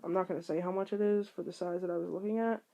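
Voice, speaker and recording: A woman's voice: on the low side, steady tone, rapid-fire, mellow, dull audio. A young woman talking casually to the camera at home, rambling and candid with many ums and restarts. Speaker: vlogger.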